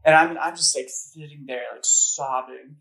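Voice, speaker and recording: Unhurried and steady, the campus minister's slightly bright, somewhat high voice comes through poor audio. He speaks to a live audience of students in a campus center gathering room, offering a casual, earnest faith talk built on personal stories and full of "like" and "um."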